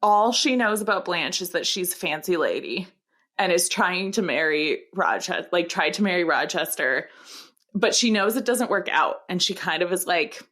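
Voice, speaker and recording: A woman's voice: lowish voice, expressive, normal speed, a bit bright. A young woman co-hosting a podcast in casual chat, playful and laughing often as she acts out bits. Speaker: podcast co-host.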